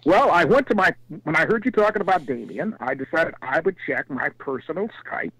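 A high, lively male voice spins a folksy story and swoops up and down as he goes. The sound is dry and close, with no room around it. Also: fairly quick, slightly rough, dry recording, rough recording. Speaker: call-in panelist. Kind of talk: casual storytelling.

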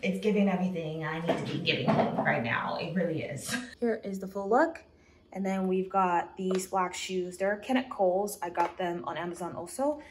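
A woman's voice: lowish voice, moderate pace, slight background noise. A woman in her twenties talking casually to her vlog camera, chatty and upbeat with a nervous edge. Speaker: vlogger.

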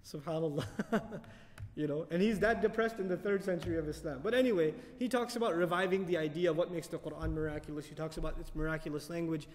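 A man lecturing on Quran commentary, animated, asking the audience questions and reciting Arabic verses quickly. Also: high voice, in a large hall. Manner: animated, asks the audience questions and answers them. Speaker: Quran teacher.

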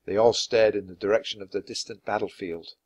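Steady man reading a storybook aloud. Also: on the low side, brisk, no echo. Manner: clear and steady, acting out dialogue. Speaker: storybook reader. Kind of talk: scripted narration for language learners.

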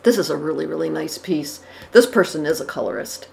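Thoughtful low-voiced woman commentator. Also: animated, fairly quick, gravelly, background noise. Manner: thoughtful, with fillers and self-corrections. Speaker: art commentator. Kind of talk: casual reaction commentary. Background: dogs barking.

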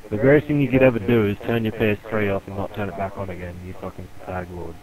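Low-voiced man, abusive gamer. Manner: abusive, taunting, contemptuous. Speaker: online game player. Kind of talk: heated voice chat. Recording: noisy online game voice chat.

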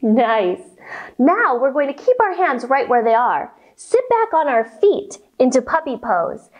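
Bright, lively kids' yoga teacher woman. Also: high voice, measured pace, muffled recording. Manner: cheerful, encouraging, speaks to young kids. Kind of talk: guided yoga storytime for children.

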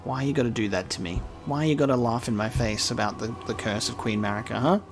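A man's voice: mid-range voice, quick pace, music in the background. A man doing casual let's-play commentary, chatty and joking, swearing when surprised. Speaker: gaming video host.

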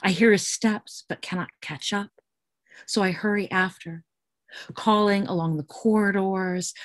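An American woman poet reading her poems aloud in a measured, deliberate way. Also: medium pitch, no echo. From United States. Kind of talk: poetry reading.

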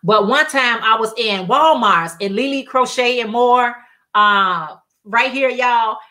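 A woman's voice: a little high, slow pace, sharp tone. A woman hosting a casual crafting livestream, telling chatty stories in colloquial speech and reading viewer comments aloud.

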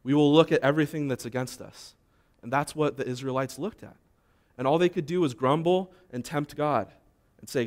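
A man's voice: medium pitch, fairly quick. A male pastor giving a conversational sermon, asking the room questions and acting out short imagined complaints. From United States.

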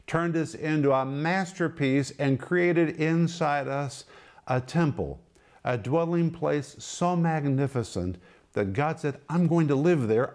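A man's voice: medium pitch, a little mellow. A middle-aged man teaching from the Bible on a broadcast program, emphatic and pressing rhetorical questions.

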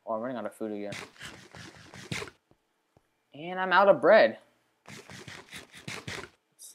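Talking straight to her audience, this gaming channel host delivers chatty let's play commentary punctuated by excitable outbursts. She sits low in pitch, speaks slowly and pauses often, with slight background noise.

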